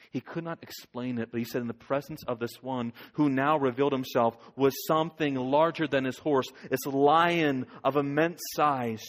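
A male pastor preaching a sermon, swinging from loud urging to near whisper. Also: medium pitch.

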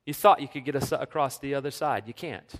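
A man preaching a sermon as a pastor, earnest, sinking to a soft hush when he speaks God's words. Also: mid-range voice, brisk. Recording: long reverb of a church hall.

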